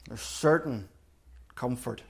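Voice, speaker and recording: A man preaching a sermon in an earnest, deliberate way, repeating key phrases for emphasis. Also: mid-range voice, vocal fry, background noise. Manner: earnest, emphatic repetition with slow deliberate pauses.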